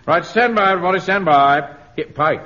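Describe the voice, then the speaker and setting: An actor playing a pompous, easily flustered middle-aged captain in a radio comedy, giving clipped orders. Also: male voice, high voice, a little fast, pushed and bright. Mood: harried. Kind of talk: radio sitcom acting. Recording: dull, hissy old radio broadcast.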